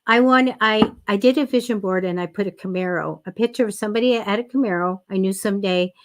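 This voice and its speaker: A woman's voice: medium pitch, fast. A woman hosting a casual psychic reading stream, chatting her way through personal stories. She talks in a loose, rambling style full of ums and restarts. She mixes in direct, encouraging advice. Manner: chatty and anecdotal, with many fillers. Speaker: psychic reader and host. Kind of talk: casual livestream chat.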